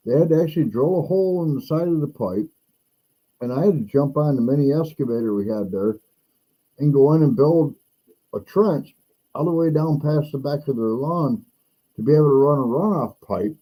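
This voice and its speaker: A middle-aged man hosting a casual chat, telling a rambling story and acting out the other people's lines. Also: poor audio. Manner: animated, acts out quoted voices higher; rambling with restarts. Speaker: podcast host.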